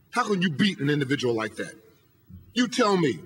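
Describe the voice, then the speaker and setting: A man's voice: a little high, big pitch swings, fairly quick, fairly bright tone, slight background noise. A man, a professor, giving an emphatic motivational speech from a podium, hammering home rhetorical questions. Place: lecture hall podium.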